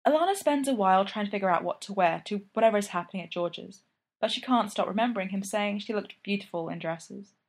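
A woman calmly reading a story aloud in an even narrating voice. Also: mid-range voice, fast talker. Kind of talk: fan fiction reading.

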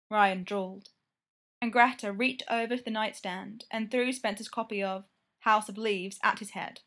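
A woman narrating a romance story with steady, intimate storytelling. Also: mid-range voice, normal speed.

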